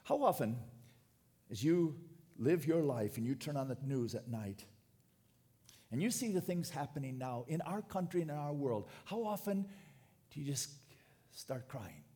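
A man preaching a sermon, animated and dropping to quiet tones for emphasis. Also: fairly high pitch, measured pace, long pauses. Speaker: pastor.

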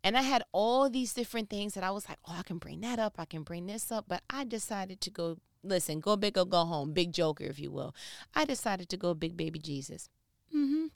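Lower-voiced woman teaching scripture casually. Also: fairly quick, vocal fry, no room sound, clean studio sound. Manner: lively, joking, talks straight to the listener. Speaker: Bible teacher.

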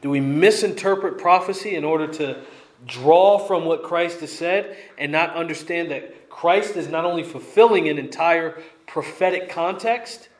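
A man preaches a verse-by-verse sermon in a slightly raised voice. He is emphatic and drives his points home by repeating them. The sound is echoey, as in a church sanctuary. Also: on the high side. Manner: emphatic, repeats key lines. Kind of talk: expository sermon.

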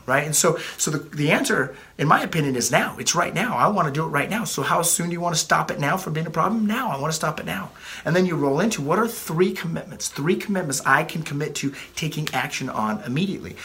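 A male life coach in his thirties delivers a blunt motivational talk, swearing freely and often doubling back on his words. His voice is bright and sits a little high for a man. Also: lively intonation, fast talker.

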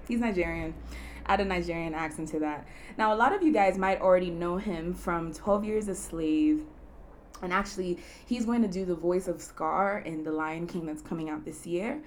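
A woman's voice: on the low side, a little hiss or hum. A young woman from Kenya hosting her own podcast in a casual, chatty way, laughing often and leaning on fillers like "you know.". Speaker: podcast host. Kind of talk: casual solo podcast chat.

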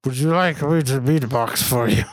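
A man playing a goofy male poetry-corner host who raps awkwardly and slowly. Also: mid-range voice, no echo, natural voice.

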